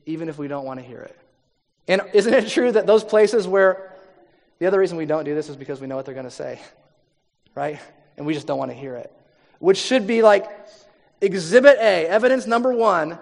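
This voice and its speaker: A man's voice: sits high, big-room sound. A man preaching a sermon, chatting with his listeners, asking them questions and acting out the people he quotes. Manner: conversational, asks the audience questions; acts out quoted people in voices. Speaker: pastor.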